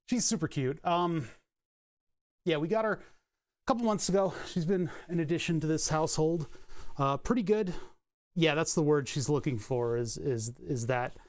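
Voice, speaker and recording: A man chatting casually to his stream audience from a home workspace on a desk mic. He rambles with fillers and restarts, and breaks into high baby talk for his dog. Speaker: livestreamer. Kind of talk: casual live-stream chat. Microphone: desk mic on a cable.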